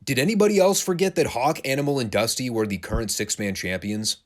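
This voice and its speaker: A man giving a casual recap of old wrestling shows, animated, laughing and swearing freely. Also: mid-range voice, fast. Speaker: wrestling show reviewer.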